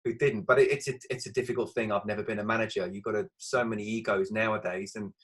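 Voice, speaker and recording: A male interviewer asks his questions in a quick, conversational way. He sounds thoughtful as he shares his own view. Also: on the low side, steady tone, a bit bright, poor audio. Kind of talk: casual interview.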